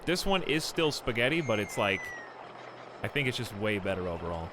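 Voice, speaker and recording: A man casually chatting through a live game stream at home, animated and chuckling often. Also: fairly low pitch, a little fast, noisy background.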